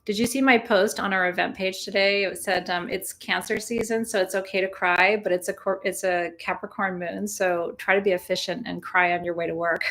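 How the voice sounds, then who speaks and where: A woman's voice: mid-range voice, fairly even intonation, fairly quick, hardly any pauses, fairly bright tone. Chatty woman leading a live moon ritual. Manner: chatty, joking, laughs often, talks to viewers directly. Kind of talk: casual live-stream talk. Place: indoors, burning sage.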